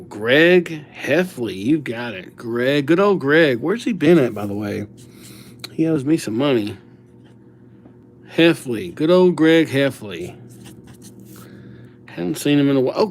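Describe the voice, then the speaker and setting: Speaking at a medium pitch over a faint hiss or hum, a young calligrapher chats with viewers on a live stream. He's chatty and self-mocking, reading names out loud, laughing at his slip-ups and acting out small scenes.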